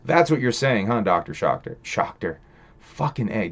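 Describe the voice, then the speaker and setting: A man's voice: lowish voice, big pitch swings, moderate pace. A man hosting a casual livestream, rambling profanely and chatting with viewers in the chat. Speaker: livestream host reading chat.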